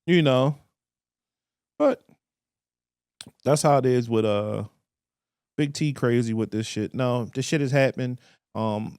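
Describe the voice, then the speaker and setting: A man, co-hosting a casual podcast and telling stories with animated quoted voices. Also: medium pitch, dry recording, clean studio sound. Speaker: podcast co-host.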